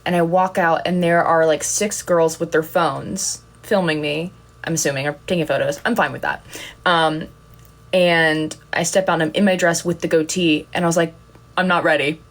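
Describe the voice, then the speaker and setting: A woman's voice: low voice, steady tone, normal speed. A young woman chatting casually on a livestream, telling rambling, giggly, self-deprecating stories. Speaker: content creator on a livestream.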